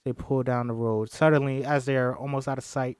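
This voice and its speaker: A man's voice: medium pitch, little pitch movement, a little fast, smooth, dry recording, studio quality. A man reading a film script aloud on a stream, emotional and swearing casually between lines. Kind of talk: script read-aloud with commentary.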